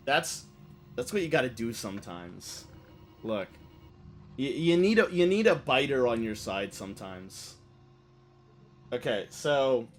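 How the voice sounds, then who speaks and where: A man streaming a game, telling a story in an animated, rambling way full of fillers. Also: mid-range voice, slight background noise. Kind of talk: casual storytelling while playing.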